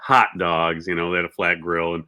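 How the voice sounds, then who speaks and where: Bright-toned man rambling through a story. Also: deep voice, level tone, normal speed, clean tone. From Michigan. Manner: rambling, self-interrupting. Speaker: stream co-host. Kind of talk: casual storytelling.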